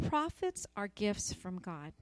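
A woman's voice: medium pitch, sing-song, slow, no echo. A woman preaching a sermon in an earnest, emphatic way, repeating phrases for stress.

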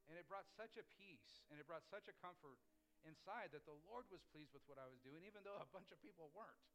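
A man's voice: a little high, lively intonation, a little fast, fairly bright tone, low-quality recording. A man preaching a sermon as a pastor, telling stories in a conversational way with frequent restarts.

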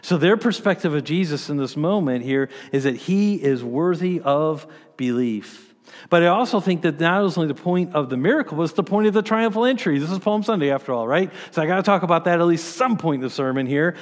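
A man preaching a sermon as pastor, earnest, stressing key lines and dropping to quiet asides. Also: a little high, expressive, a little fast, big-room sound.

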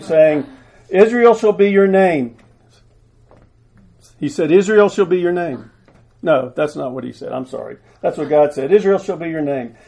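A man's voice: a little high, mellow, rough recording. A man preaching who reads scripture aloud and jokes as he directs volunteers acting it out. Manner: jovial, directing volunteers with asides. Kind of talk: sermon reading scripture aloud.

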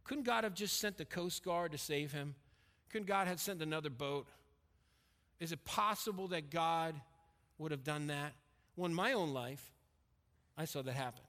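High, bright-voiced preaching man. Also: moderate pace, pauses often. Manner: emphatic, drops to quiet intensity on personal story. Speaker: pastor. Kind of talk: sermon. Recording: long reverb of a hall.

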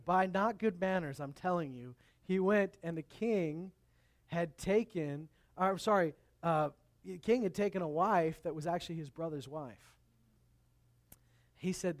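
A male pastor preaching a sermon, rising to booming scripture quotes and dropping to quiet asides. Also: expressive, moderate pace. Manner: wide swings in loudness, booming when quoting scripture, dropping low for asides.

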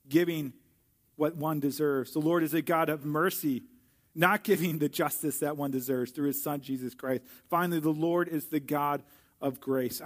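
Male preacher, fairly high voice, earnest sermon delivery with slow, stressed repetitions. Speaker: pastor.

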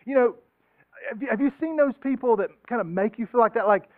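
A man's voice: extremely high pitch, fairly quick, no echo. A man preaching a casual sermon in a joking, conversational way, acting out the voices of people he quotes. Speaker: pastor. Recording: tinny phone-like sound.

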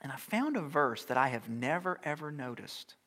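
A middle-aged man preaching a sermon as pastor, shifting from loud, urgent exhortation down to soft, near-whispered lines. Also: mid-range voice, big pitch swings, moderate pace. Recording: long hall reverb.

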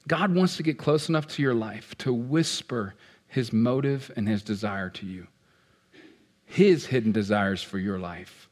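A man preaching a sermon as pastor, animated and playful, swinging between loud outbursts and hushed asides. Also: medium pitch, moderate pace. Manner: playful, acts out what people feel.

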